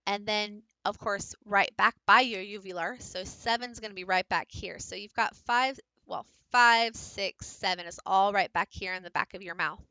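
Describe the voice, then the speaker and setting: Woman, bright clear voice, dry close recording; lecture presenter explaining sounds to fellow teachers. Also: medium pitch, normal speed, hardly any pauses, no room sound, low-quality recording. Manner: explanatory, practical, addresses teachers directly. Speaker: teacher presenting a book study.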